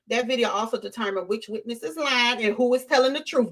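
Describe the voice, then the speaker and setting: A woman hosting a casual live-stream, talking straight to her chat in an animated way and repeating her points for emphasis. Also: on the high side, fast, hardly any pauses. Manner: animated, repeats herself, addresses chat directly. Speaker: livestream host.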